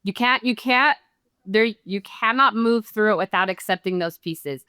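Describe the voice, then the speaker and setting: A woman's voice: medium pitch, moderate pace, sharp tone, smooth, no room sound, studio quality. A middle-aged woman speaking as a podcast guest, reflective, earnest and heartfelt. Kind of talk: reflective interview talk.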